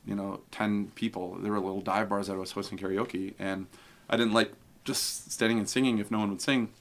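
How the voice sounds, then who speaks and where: A man speaks quickly in a somewhat low voice, a podcast guest telling casual stories. He acts out the people he quotes as he goes. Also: little pitch movement, fairly bright tone. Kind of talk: casual storytelling.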